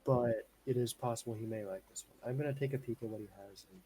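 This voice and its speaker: Male player, insistent, mid pitch, faint noise. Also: fairly even intonation, quick pace, dark tone. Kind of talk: tabletop role-play chat.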